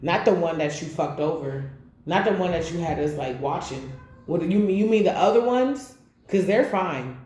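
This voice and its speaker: In a roomy, echoing space with faint background noise, a tarot reader gives a casual reading, her low, darkish voice moving at a moderate pace. She calls out the cards bluntly and swears often.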